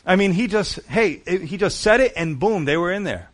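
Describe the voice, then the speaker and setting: An animated male pastor preaching verse by verse, his voice sitting a little higher than most men's. He talks with emphatic asides and quick repetitions, sometimes dropping low and soft, then lifting again. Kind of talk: sermon.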